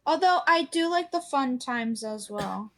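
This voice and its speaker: High-voiced, unhurried woman co-host. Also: lively intonation, fairly bright tone. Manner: easygoing, short agreeing replies. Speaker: podcast co-host. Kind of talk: casual chat.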